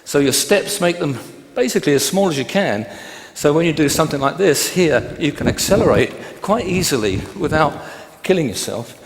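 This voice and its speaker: A man's voice: on the high side, lively intonation, moderate pace, few pauses, a little hiss or hum. A man teaching a dance class, counting beats aloud and explaining steps plainly. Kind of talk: dance lecture. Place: large hall. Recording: echoey hall, long reverb, music behind.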